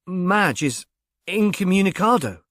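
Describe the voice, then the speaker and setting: Guy reading as a shy stammery young gent, kinda high, polite and awkward. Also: big pitch swings, unhurried, a bit bright, no echo, clean studio sound, heavily acted. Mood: earnest, worried. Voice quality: stammering, diffident. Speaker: reader.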